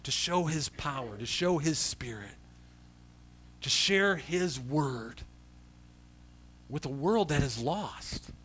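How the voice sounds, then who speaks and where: A man preaches a sermon in a bright, forward voice that sits a little high for a man. He moves between hushed storytelling and loud, emphatic declarations. He often repeats words when he restarts a phrase. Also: animated, slow pace, pauses often, slightly rough. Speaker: pastor.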